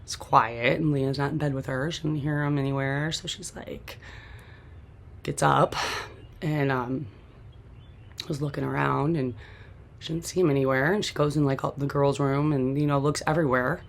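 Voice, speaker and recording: A woman's voice: very deep voice, steady tone, normal speed, gravelly, long pauses, slight background noise. A woman host telling a personal story from memory in a rambling, casual way, with constant "like" and frequent restarts. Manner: rambling, heavy use of "like", restarts, occasional swearing.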